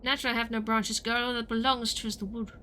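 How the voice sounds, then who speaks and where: A woman's voice: a little high, little pitch movement, fast, sharp tone, a little hiss or hum. A woman voicing a solemn woodcutter of a sinister wood who speaks in old-fashioned thee-and-thou and gives grave warnings. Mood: stern.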